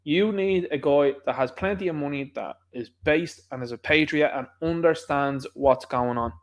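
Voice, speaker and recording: A man's voice: a little high, normal speed. A man with a Dublin Irish accent, hosting his own channel, giving rambling, combative political commentary in an impassioned way. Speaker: channel host.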